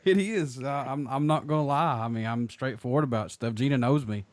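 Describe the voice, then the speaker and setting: A man's voice: mid-range voice, a little fast. A man with a Southern US accent hosting a radio interview, blunt and goofy, joking with his guests. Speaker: radio show host. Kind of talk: casual interview chat.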